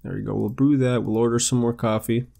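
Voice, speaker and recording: A man's voice: mid-range voice, fairly even intonation, a little fast, vocal fry, warm tone. A young man hosting a let's play, chatting casually and narrating each move he makes in the game. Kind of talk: casual gameplay commentary.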